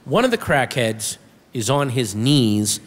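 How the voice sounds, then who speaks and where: A man doing a stand-up comedy set, telling a story with animated delivery and shouting his punchlines. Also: mid-range voice, a little slow, a little hiss or hum. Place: comedy club stage with audience. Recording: reverberant room with faint audience.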